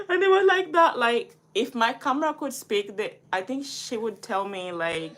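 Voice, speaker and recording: A woman's voice: fairly high pitch, lively intonation, moderate pace, hardly any pauses, fairly bright tone. A woman in her early twenties telling a personal story in a vlog, rambling and full of "like". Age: 20s. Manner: rambling, heavy use of "like", restarts.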